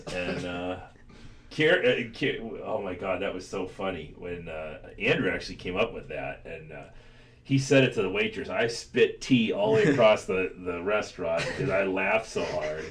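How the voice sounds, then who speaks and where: Lively low-voiced man telling stories. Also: moderate pace. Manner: laid-back storyteller, swearing, laughing as he talks. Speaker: podcast host. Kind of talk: casual podcast chat.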